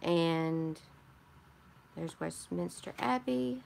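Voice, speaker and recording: A woman's voice: fairly low pitch, drawn-out words, gravelly, a little mellow, slight background noise. A woman with a Michigan accent hosting a casual live stream, rambling and chatty as she greets viewers and answers their comments. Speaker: craft channel host.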